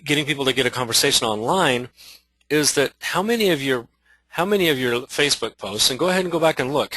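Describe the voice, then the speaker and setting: A man's voice: mid-range voice, pushed and bright, no room sound, rough recording. A man giving an instructional talk to real estate agents, conversational, with many restarts and rhetorical questions.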